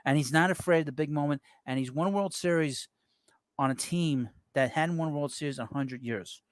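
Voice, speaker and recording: A sports talk show host runs a casual live-stream baseball chat, rambling as he reads viewer messages aloud and tosses off offhand reactions. His voice is slightly high and brisk, in a dry recording.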